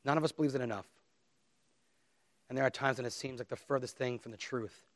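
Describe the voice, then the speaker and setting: A man's voice: mid-range voice, fairly even intonation, fairly quick, no room sound. A man preaching a sermon, earnest and emphatic, reading scripture aloud with dramatic emphasis. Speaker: pastor.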